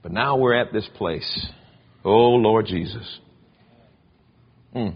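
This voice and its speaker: A man preaching a sermon, telling stories in an animated way with big swings in pitch. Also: takes it slowly, husky. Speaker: pastor. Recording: dull lo-fi sound.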